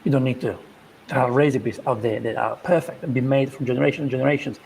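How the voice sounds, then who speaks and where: A man's voice: mid-range voice, quick pace, vocal fry, a little mellow, a little hiss or hum. A man, a chef, giving an exasperated running critique of a cooking video. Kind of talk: casual reaction commentary.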